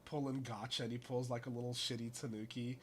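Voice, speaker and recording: A man's voice: medium pitch, little pitch movement, fast talker, husky. A man hosting a casual podcast chat while still getting his voice back after losing it, rambling with many restarts. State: recovering from lost voice. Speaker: podcast host.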